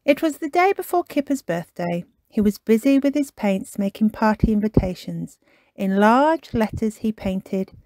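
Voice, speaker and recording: A woman reading a children's storybook aloud, her voice rising and falling with lively expression. Her pitch sits in the middle range, and the recording is close and dry. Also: normal speed, no room sound. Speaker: storytime reader.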